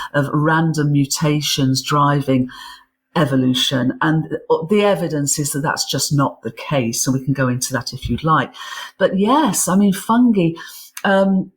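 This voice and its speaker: Enthusiastic woman explaining science. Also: low-pitched. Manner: enthusiastic, explanatory, repeats words while building thoughts. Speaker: guest author and physicist. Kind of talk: interview conversation.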